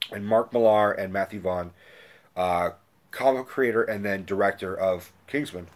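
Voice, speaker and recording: A man rants casually about movies in a slightly low voice. He gets excitable and swears freely, rambling through restarts and fillers as his thoughts tumble out. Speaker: movie reviewer. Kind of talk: casual rant.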